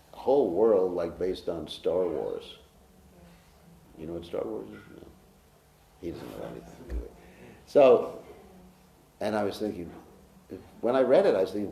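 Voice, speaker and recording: A man's voice: on the low side, warm tone. A man giving a scripture class to an audience, joking and poking fun at himself as he teaches. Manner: humorous, self-mocking, teases the audience. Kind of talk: lecture on scripture. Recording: echoey room.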